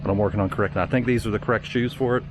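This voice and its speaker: A man talks quickly to his camera outdoors, thinking out loud in an unsure, casual way. Clear outdoor noise sits behind his mid-pitched voice. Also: steady tone. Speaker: vlogger. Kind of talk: casual vlog talk to camera.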